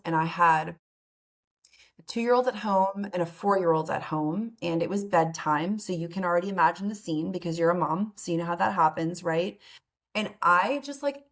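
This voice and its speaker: A woman psychologist talking as an interview guest, earnest and conversational, often saying "like" and "right?". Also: mid-range voice.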